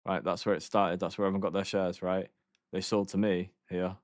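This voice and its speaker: A man's voice: low-pitched, flat delivery, a little fast, no room sound, clean studio sound. A man streaming a game, telling rambling stories in casual chat, swearing often and laughing between lines.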